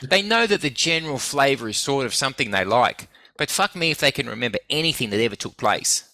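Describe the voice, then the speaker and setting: A man spins animated anecdotes, swearing freely and acting out the voices of people in his stories. His voice has a forceful, bright edge. The recording is close and dry, with no room sound. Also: mid-range voice, fairly quick, dry recording. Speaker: guest. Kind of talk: casual storytelling.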